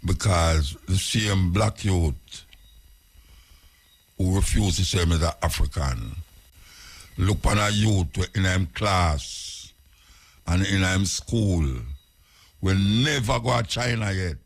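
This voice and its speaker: Slow gravelly Jamaican radio host. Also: male voice, sits low. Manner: rhetorical questioning, lecturing. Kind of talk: radio talk monologue.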